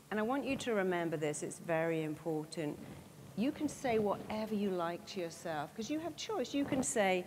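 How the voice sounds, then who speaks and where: A woman giving an animated motivational talk to an audience. She acts out the inner voices she quotes. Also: mid-range voice, normal speed. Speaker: motivational speaker. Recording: reverberant hall, faint background noise.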